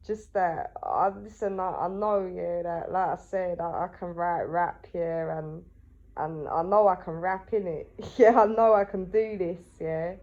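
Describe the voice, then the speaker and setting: A woman's voice: fairly low pitch, fairly even intonation, unhurried, darkish tone. A woman talking casually to the camera, asking herself questions and answering them, tagging her lines with "yeah?" and often restarting. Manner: rambling, with many restarts. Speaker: vlogger and writer. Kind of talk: casual monologue. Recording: dull lo-fi sound.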